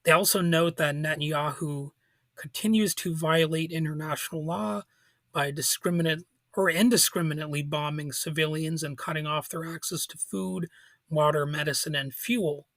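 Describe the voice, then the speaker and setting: Male podcast host, somewhat high voice, informal and halting, dry recording. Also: fairly even intonation, dry recording. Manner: informal, halting, with restarts and soft laughs. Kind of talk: casual political commentary.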